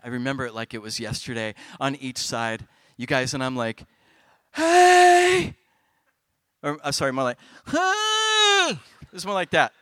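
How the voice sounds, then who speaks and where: A middle-aged man speaking on stage at a youth festival, telling a comic personal story to kids with big swings in loudness. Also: medium pitch, smooth, no room sound.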